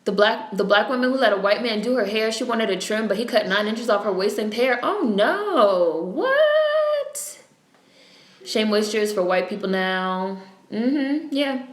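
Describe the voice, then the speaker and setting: A woman's voice: medium pitch, normal speed. Blunt, profane woman with a New York accent. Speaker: livestream host. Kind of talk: casual live-stream chat. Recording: echoey room.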